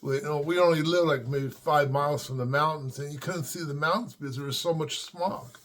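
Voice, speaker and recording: A man's voice: on the high side, a little fast, a bit bright. An older man from the Los Angeles area reminiscing at home in a rambling, casual way, with many fillers and restarts. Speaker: vlogger. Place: at home with his dogs.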